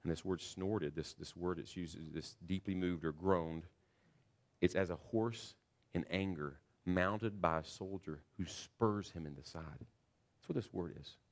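A man preaching a sermon in a church, earnest and building to loud, emphatic passages. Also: low voice, measured pace. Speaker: pastor.

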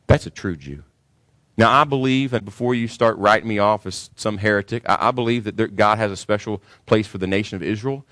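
A man's voice: lowish voice, fairly quick, bright, forceful tone, no room sound. A man pastor delivering a sermon to his congregation, preaching emphatically and rising sharply when he stresses a point.

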